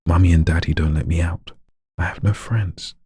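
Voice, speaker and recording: A man voicing a quiet, withdrawn young boy in a read-aloud story, speaking slowly and carefully. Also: deep voice, steady tone, breathy edge, no room sound, studio quality. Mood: subdued.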